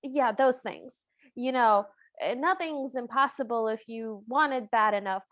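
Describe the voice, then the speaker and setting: A woman's voice: on the high side, measured pace, a bit bright, dry recording, clean studio sound. A woman co-hosting a podcast, recapping the plot with wry, playful sarcasm. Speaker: podcast co-host. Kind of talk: casual chat.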